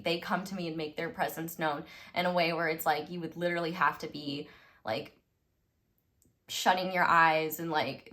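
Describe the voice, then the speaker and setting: Rambling, giggly young woman telling a story. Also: on the low side. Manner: rambling, self-interrupting, laughs often; animated with sudden loud bursts. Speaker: tarot reader. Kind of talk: casual storytime monologue.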